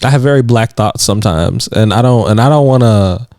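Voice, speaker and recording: A man's voice: medium pitch, a little fast, darkish tone, no echo. A man co-hosting a podcast in casual chat, rambling with plenty of "like" fillers and frequent laughs. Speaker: podcast co-host. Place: indoors on a couch.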